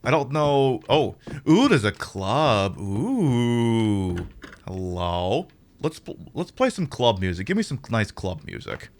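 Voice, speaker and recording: A man streaming a game, joking and talking back at it, swinging from loud outbursts to low mumbled asides. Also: very animated, slow. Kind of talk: casual game commentary.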